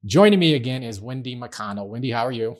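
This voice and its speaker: A middle-aged man hosts a casual podcast, chatting in a self-deprecating way. His medium-pitched voice is expressive and moves at a quick pace.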